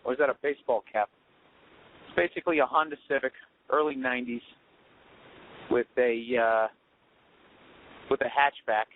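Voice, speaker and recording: A man's voice: medium pitch, fairly even intonation, normal speed, pauses often, a little hiss or hum. A man hosting a podcast, riffing alone in a profane, sarcastic ramble while he drives. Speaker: podcast host. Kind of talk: rambling solo monologue. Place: in a car while driving. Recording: tinny phone-like sound.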